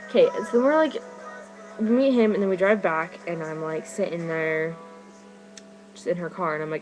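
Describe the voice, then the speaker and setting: A teenage girl vlogging to her webcam, telling a story excitedly and rambling with "like" in nearly every phrase. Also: lowish voice, brisk, rough recording. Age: teens. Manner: rambling, fillers, "like" constantly. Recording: music playing behind her.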